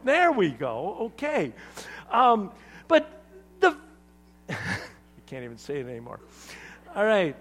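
A man preaching a sermon to a congregation, swinging between loud emphatic lines and hushed asides, joking with the room. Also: high voice, wildly swooping pitch, takes it slowly, pauses often. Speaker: pastor.

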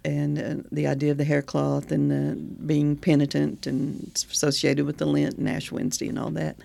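A man's voice: fairly high pitch, monotone, normal speed, vocal fry, a little mellow. A man co-hosting a podcast, chatting about a poem and word origins in a thoughtful way and laughing often. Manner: thoughtful, laughs often, reads etymology aloud. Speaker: podcast co-host. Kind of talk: casual chat about poetry.

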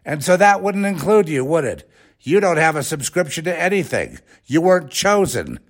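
A man's voice: fairly high pitch, very animated, moderate pace. A man hosting a rambling, sarcastic religious commentary talk.

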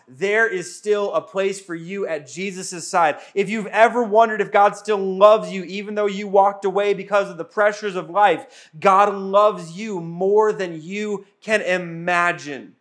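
A man's voice: high voice, steady tone, measured pace, few pauses. A male pastor preaching a sermon, earnest and repetitive, at times speaking in the first person as Jesus.

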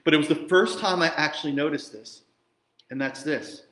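A man preaching from the pulpit, his voice slightly high and carried through an echoey room. He is animated and conversational, dropping into jokey asides and swinging between hushed and emphatic delivery. He comes from New Jersey. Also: moderate pace. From New Jersey, USA. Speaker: pastor. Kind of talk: sermon.

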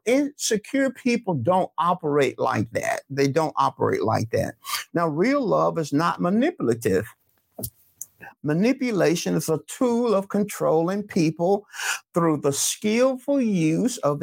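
High, gravelly-voiced preaching pastor. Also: male voice, no echo, clean studio sound. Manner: preaching with rising calls and repetition. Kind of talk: sermon.

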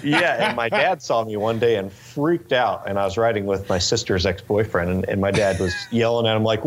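A man in his twenties from Northern California, telling stories in a relaxed interview chat with lots of fillers and restarts. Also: lowish voice, normal speed, few pauses, slight background noise. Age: 20s. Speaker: interview guest, race car driver.

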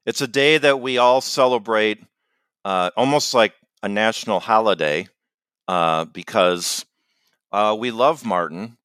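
A man's voice: fairly low pitch, measured pace, a bit bright, smooth, dry recording. A man co-hosting a comedy podcast with a meandering, self-deprecating, dry manner in casual banter. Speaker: podcast co-host.

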